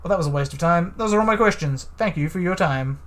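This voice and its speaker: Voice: medium pitch, animated, fast, a bit bright, close to an everyday voice. A let's-play narrator voicing a brash male detective who questions bluntly and impatiently.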